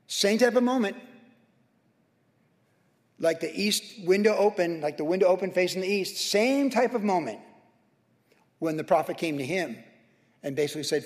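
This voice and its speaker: A man preaching with a high, ringing voice, fervent and emphatic, driving his points home by piling up phrase after phrase. His sermon carries the long reverb of a big hall. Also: normal speed. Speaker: pastor.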